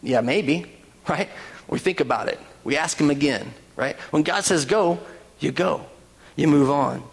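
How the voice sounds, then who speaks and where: A man preaching with a fairly high voice that carries a long reverb through a big hall. He delivers an animated sermon and asks the congregation rhetorical questions. The quoted voices he puts on sit inside the same delivery. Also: measured pace, gravelly, breathy edge. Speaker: pastor.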